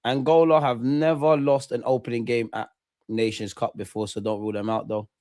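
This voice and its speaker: A young man, chatting with viewers and shouting them out during a live football watch-along. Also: medium pitch, flat delivery, fairly quick, no echo, clean studio sound. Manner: chatty slang-heavy banter, shouting out viewers. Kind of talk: live reaction chat.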